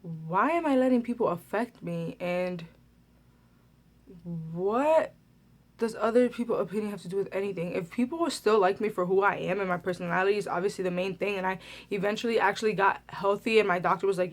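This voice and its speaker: A woman's voice: mid-range voice, brisk. A young adult woman telling a personal story to her vlog camera in a casual, chatty way, full of "like" fillers. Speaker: beauty vlogger.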